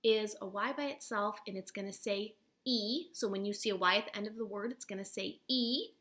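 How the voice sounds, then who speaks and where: A woman's voice: medium pitch, fairly quick, fairly bright tone. A woman teaching a recorded spelling lesson to third graders at home, patient and encouraging as she breaks words into sounds.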